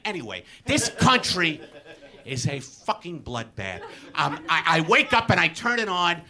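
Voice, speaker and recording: A man from Brooklyn, ranting and often shouting profanely as a comedy guest on a live podcast stage. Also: high voice, big pitch swings, a little slow. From Brooklyn, New York. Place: comedy theatre stage before an audience. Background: audience laughter.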